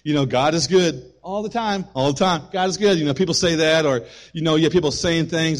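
A man preaching to a congregation in a somewhat high voice. He preaches with animation, swelling loud for emphasis and then sinking low. He breaks off for quick jokes and asides to the room. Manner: animated preaching, rising and dropping in loudness, quips to the congregation. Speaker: pastor. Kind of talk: sermon.

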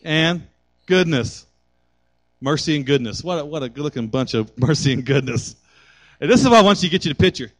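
A man's voice: fairly high pitch, animated, brisk, a bit bright. A middle-aged man preaching a sermon with call and response, building to impassioned exhortation. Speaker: pastor.

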